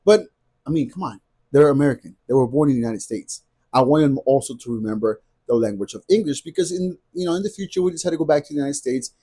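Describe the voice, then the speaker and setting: Husky, mellow-voiced man ranting to camera. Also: medium pitch, animated, quick pace. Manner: emphatic, repetitive, ranting. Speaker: vlogger. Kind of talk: casual talking-to-camera vlog.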